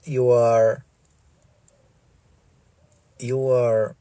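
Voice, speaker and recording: A man's voice: medium pitch, level tone, very slow, dark tone, smooth, dry recording. A middle-aged man ranting in a vlog, stammering, swearing and repeating himself. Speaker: vlogger. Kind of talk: profane ranting monologue.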